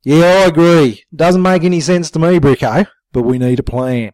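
Man voicing Dingo, a blunt rough bloke. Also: fairly high pitch, moderate pace, a little mellow, dry recording, close to an everyday voice. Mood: plotting. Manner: blunt and swearing.

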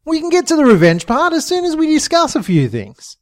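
A man voicing a loud, bossy, scheming older male crook who shouts and swears. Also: very high-pitched, wildly swooping pitch, a little fast, dry recording, clean studio sound, voice pushed up, heavily acted. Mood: commanding. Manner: shouting, foul-mouthed, demanding.

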